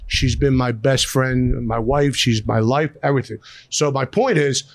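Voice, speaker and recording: A man's voice: mid-range voice, normal speed, gravelly, no room sound. A middle-aged man with a Philadelphia accent, a restaurateur speaking bluntly and emotionally as a guest in a podcast interview, often repeating himself. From South Philadelphia.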